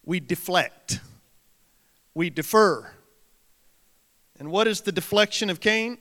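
A man's voice: fairly high pitch, slow, pauses often, sharp tone. A male pastor preaching a sermon to a congregation, building his points through rhetorical questions and repeated phrases. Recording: long reverb of a large hall.

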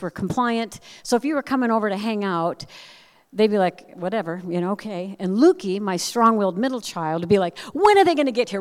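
A woman speaker giving a personal storytelling message with animated, self-deprecating humor, acting out the voices of people in her story. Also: mid-range voice. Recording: long reverb of a large hall.

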